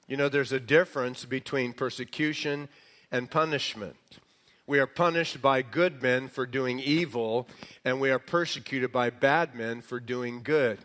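A male pastor with a mid-range voice delivers a sermon slowly and with emphasis, now and then slipping into a quieter, conversational aside.

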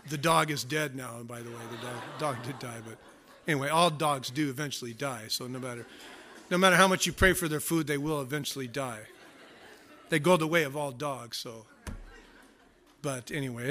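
Bright-voiced male preacher, storytelling. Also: on the high side. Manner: conversational storytelling with self-mocking humor. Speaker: pastor. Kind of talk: sermon.

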